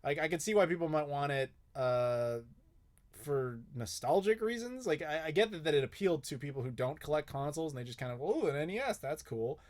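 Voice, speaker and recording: A man's voice: fairly high pitch, fairly quick. A young man hosting a live Q&A, chatting casually and bluntly, swearing often and joking with viewers. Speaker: host.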